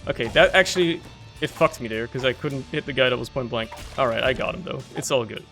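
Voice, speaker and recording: A man's voice: medium pitch, quick pace, faint music behind. A young man giving casual, slangy commentary on his own gameplay, often laughing and getting worked up over what happens in the game. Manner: animated, laughing, slangy, talks to himself while playing. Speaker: gaming YouTuber.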